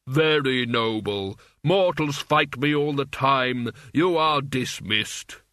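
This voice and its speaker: A man voicing Death as a cold, slow-spoken immortal figure in an audiobook. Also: mid-range voice, pushed and bright, no echo, clean studio sound. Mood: dismissive. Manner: slow, measured, imperious.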